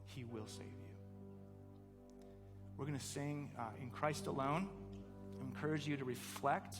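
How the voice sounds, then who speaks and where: A pastor preaching a sermon, telling a story earnestly and building to fervent emphasis. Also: male voice, mid-range voice, fairly even intonation, measured pace, big-room sound, music in the background.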